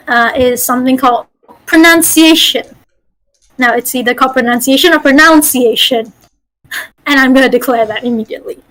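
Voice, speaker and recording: A woman from Malaysia runs an online voice-acting class for tabletop players over a video call. Her voice sits high and light, and her speech is chatty and full of fillers as she coaches and corrects each player. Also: fairly bright tone, rough recording. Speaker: workshop host and dungeon master. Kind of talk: teaching an online voice-acting workshop.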